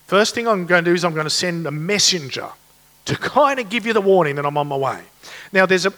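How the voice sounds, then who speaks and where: High-voiced preacher. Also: male voice, a bit bright. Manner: conversational, earnest, rhetorical questions. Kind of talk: sermon.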